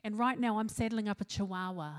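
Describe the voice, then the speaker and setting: A woman's voice: medium pitch, brisk, a little hiss or hum. A woman in her forties with a New Zealand accent, giving a humorous talk to an audience, chatty and self-mocking, laughing at her own jokes. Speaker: speaker.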